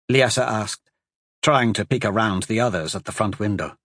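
A man reading a fantasy story aloud as narrator, in a steady, dramatic storytelling manner. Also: fairly low pitch, normal speed, breathy edge, no echo, clean studio sound. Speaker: audiobook narrator. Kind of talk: scripted narration.

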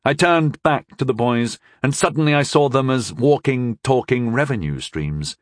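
A man narrating an audiobook in the first person with a wry, expressive storytelling manner. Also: medium pitch, normal speed, dry recording, studio quality.

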